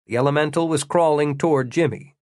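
Steady male audiobook narrator, dry sound. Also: on the high side, dry recording. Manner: steady, measured storytelling. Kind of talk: scripted fantasy narration.

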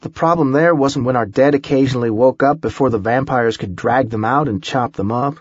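A man's voice: mid-range voice, brisk, husky, dry recording, dull audio, natural voice. A man voicing a tough, sarcastic young woman survivor in an audiobook, blunt and wisecracking. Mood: grim.

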